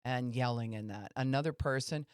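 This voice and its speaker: A woman's voice: very deep voice, moderate pace, darkish tone, smooth, no echo, studio quality. A woman pastor giving a conversational teaching talk on a podcast, explaining and asking listeners questions.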